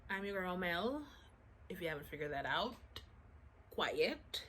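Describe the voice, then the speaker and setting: Chatty woman vlogger, lowish voice. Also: unhurried, long pauses, fairly bright tone, slight background noise. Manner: chatty, self-mocking asides, frequent "like" fillers. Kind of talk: casual storytime vlog.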